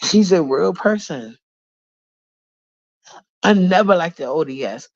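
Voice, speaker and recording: A woman's voice: lowish voice, animated, takes it slowly, dry recording. A woman with a bad cold, venting angrily and profanely on a live stream, repeating herself to defend her point. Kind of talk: heated live-stream rant. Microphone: phone on a live stream, camera off. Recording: dull lo-fi stream audio.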